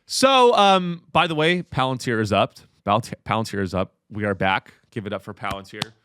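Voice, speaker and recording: A man's voice: on the low side, expressive, normal speed, bright, forceful tone, clear, resonant tone. A man hosting a podcast in a casual comedic rant, profane and rambling. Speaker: podcast host.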